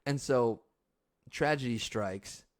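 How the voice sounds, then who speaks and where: A man hosts his own podcast in an easygoing, unhurried way, at a middling pitch. He gets excitable and laughs often, and his voice leaps high whenever he acts out a quote. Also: noisy background. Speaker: podcast host. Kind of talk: casual solo podcast talk.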